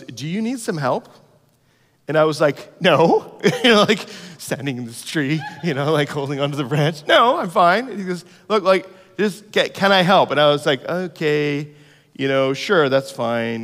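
A man's voice: on the high side, fairly bright tone. Self-mocking man preaching in a reverberant hall. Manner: self-deprecating, conversational storytelling. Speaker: pastor. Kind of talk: sermon with personal story.

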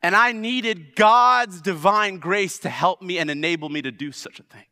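A man in his thirties preaching a sermon, swinging from loud exhortation to hushed storytelling. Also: sits high, moderate pace, hardly any pauses. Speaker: pastor. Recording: long reverb of a large hall.

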